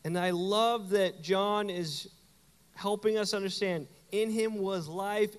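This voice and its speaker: A middle-aged man, a pastor, giving a lively, conversational sermon with playful asides to his congregation. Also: high voice, a little slow, long reverb tail. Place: church sanctuary.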